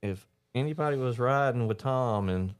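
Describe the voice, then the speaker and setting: A man's voice: mid-range voice, normal speed, clean tone. A man telling wild stories in a casual, profane podcast chat, often laughing and quoting people. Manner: profane, laughing storyteller with quoted voices.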